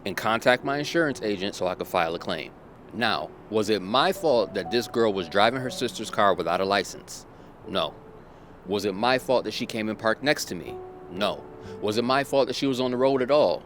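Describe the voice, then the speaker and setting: A man with a lower voice tells a personal story as a motivational lesson. He speaks emphatically and circles back to the same phrases again and again. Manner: emphatic and repetitive, drives points home. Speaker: motivational vlogger.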